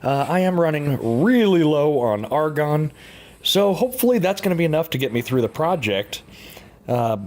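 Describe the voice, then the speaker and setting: A man's voice: fairly high pitch, very animated, moderate pace, darkish tone. A man casually narrating a bicycle frame build in his workshop, laid-back and chuckling often, with plenty of "uh" fillers. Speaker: hobby frame builder and vlogger.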